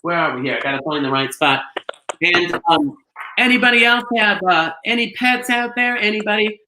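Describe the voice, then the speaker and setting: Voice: medium pitch, lively intonation, moderate pace, pushed and bright. Gushing, rambling bingo host in an echoey trailer. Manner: chatty, gushing, rambling with many fillers. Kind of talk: live-streamed bingo calling and chat. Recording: echoey room, faint noise.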